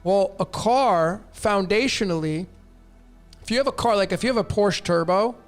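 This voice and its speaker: A man's voice: high voice, normal speed, faint music behind. A man hosting a live stream, answering viewer questions in a blunt, emphatic way and often repeating his phrases. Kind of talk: casual live-stream talk.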